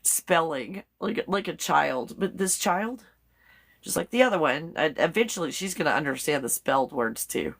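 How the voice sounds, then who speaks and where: A woman's voice: sits low, animated, normal speed, gravelly, husky. A woman hosting a casual live stream, chatting with viewers, reading their comments aloud, laughing often and spelling out some words letter by letter.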